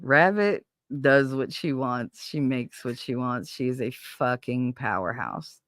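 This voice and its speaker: Somewhat slow and mid-range in pitch, this man hosts a casual live stream, telling stories to his live audience in a blunt, animated, profane way. The recording is dry and studio quality.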